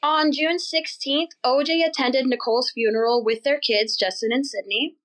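A chatty, animated woman with a fairly high voice hosts a podcast, telling a story in casual conversation. She laughs as she goes and does quick mocking voices for the people in her tale, on a rough recording.

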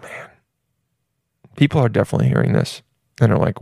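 A man's voice: lowish voice, sing-song, a little fast, gravelly, mellow, dry recording, clean studio sound. A man riffing in a crude comedic ramble, full of restarts and swearing.

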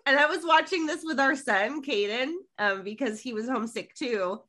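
A woman's voice: high voice, moderate pace. A middle-aged woman co-hosting a podcast, animatedly recapping an episode and quoting its lines in casual chat. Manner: animated storytelling, quotes lines from the show. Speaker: podcast co-host.

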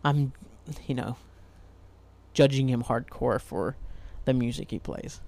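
A man's voice: medium pitch, takes it slowly, vocal fry, a little mellow. A man from Ohio hosting a casual solo podcast, rambling loosely, swearing freely and laughing at himself. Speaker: podcast host.

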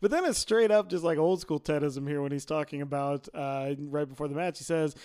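A man's voice: on the high side, a little fast, warm tone, clean tone, no room sound, studio quality. A man co-hosting a podcast, chatting casually and quoting favorite TV lines with relish and frequent laughter. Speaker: podcast co-host. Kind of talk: casual chat about a TV episode.

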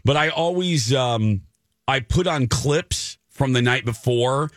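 Male radio morning host, animated pitch, chatty playful delivery. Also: no echo, clean studio sound. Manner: playful, lively, drawn-out phrasing. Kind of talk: casual morning radio chat.

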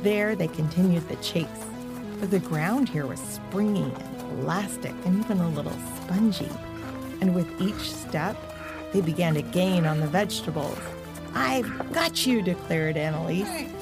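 A woman narrating a children's storybook in a gentle, expressive way. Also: on the low side, moderate pace. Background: music.

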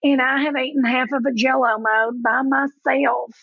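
A woman's voice: high-pitched, steady tone, moderate pace, vocal fry, slightly rough, dry recording, phone-quality sound, full character voice. A woman doing an impression of a chatty Southern mom comedian friend with a Southern US accent, drawling and self-pitying. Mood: mopey.

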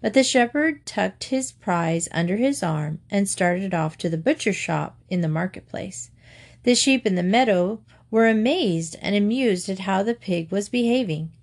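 A woman narrating a storybook in a calm, clear reading voice. Her pitch sits at a middle level, steady and even throughout. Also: unhurried.

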